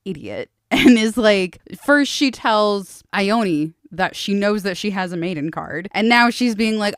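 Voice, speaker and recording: A woman co-hosting a casual book-club podcast, sarcastic and animated, swearing freely. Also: medium pitch, unhurried, hardly any pauses, no echo, studio quality. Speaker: podcast co-host.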